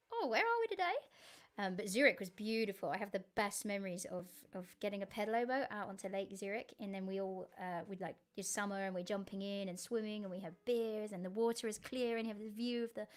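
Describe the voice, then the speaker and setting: A woman, a singer-songwriter chatting casually to viewers on her live stream, giggly and easily sidetracked. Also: medium pitch.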